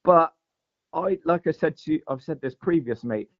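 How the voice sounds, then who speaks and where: A man's voice: fairly high pitch, lively intonation, normal speed. A man telling a long, casual story as a podcast guest, rambling with lots of fillers and calling the host "mate". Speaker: guest angler. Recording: dull lo-fi podcast audio.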